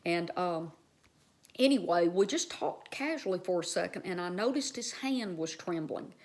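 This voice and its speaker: A woman's voice: on the low side, animated, moderate pace, darkish tone. A woman vlogger earnestly telling a personal story to her viewers, with many fillers and restarts.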